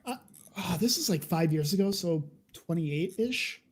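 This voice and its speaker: A man's voice: high voice, lively intonation, a little slow. A man in his thirties co-hosting a casual online chat show, ranting in a sweary, sarcastic way. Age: 30s. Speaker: podcast co-host.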